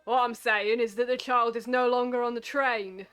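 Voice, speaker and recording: A woman voicing a stern, measured male inspector in a video game. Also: on the high side, fairly even intonation, fairly bright tone, clean tone, close to an everyday voice.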